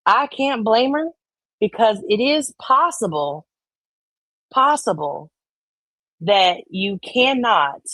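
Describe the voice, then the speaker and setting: A woman's voice: fairly high pitch, animated, slow pace, long pauses, fairly bright tone, no echo. A woman hosting a livestream, chatting casually and profanely about online drama and reading comments from chat. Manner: profane, conspiratorial, reads chat aloud; acts out quoted voices. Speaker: livestream host.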